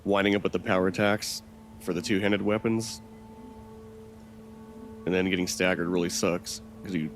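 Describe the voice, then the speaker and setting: A man with a very low voice talks through his game in a loose, rambling way, thinking aloud and swearing now and then. The recording has a clear layer of background noise under his voice. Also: fairly even intonation, moderate pace, pauses often. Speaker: gaming channel host. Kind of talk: casual let's-play commentary.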